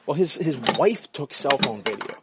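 A vlogger walks his dog while delivering a blunt, profane, argumentative rant. His medium-pitched voice is expressive and moderately paced, captured in a dull, lo-fi, very noisy recording.

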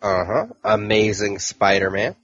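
A man with a low, husky voice chats casually on a podcast, working through a list of titles with dry little asides. The sound is dry and a bit dull, with no room around it. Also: steady tone, unhurried, a bit bright, no echo. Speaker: podcast co-host. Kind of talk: casual chat.

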